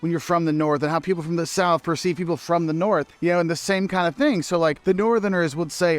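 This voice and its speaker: A man's voice: on the high side, fast talker, hardly any pauses. A man giving upbeat travel advice as a vlogger, explaining things eagerly.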